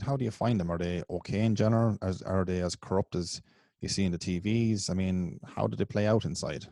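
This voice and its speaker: Deep, flat-voiced male interviewer. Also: no room sound, clean studio sound. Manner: agreeable, asks long rambling questions. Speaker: podcast interviewer. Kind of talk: casual interview.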